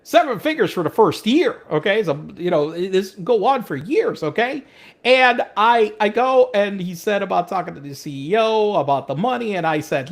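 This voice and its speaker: Animated, lively-pitched middle-aged man. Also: moderate pace. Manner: animated, profane, acts out quoted speech; stammering restarts. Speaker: podcast co-host. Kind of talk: casual chat.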